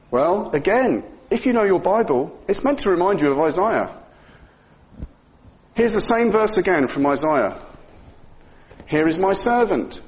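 Male preacher, high and very animated delivery, chatty and self-amused. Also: rough recording. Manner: chatty, asks the listeners questions, chuckles at himself. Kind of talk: conversational Bible teaching.

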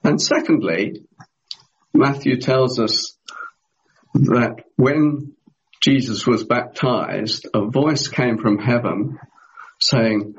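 A man preaching a sermon in a measured way, often asking his listeners rhetorical questions. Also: mid-range voice, lo-fi sound, a little hiss or hum.

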